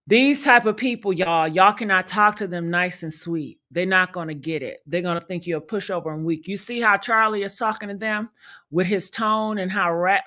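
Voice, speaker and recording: A woman's voice: medium pitch, sharp tone. A woman hosting a livestream, giving blunt, profane commentary and talking to her chat. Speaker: livestream host.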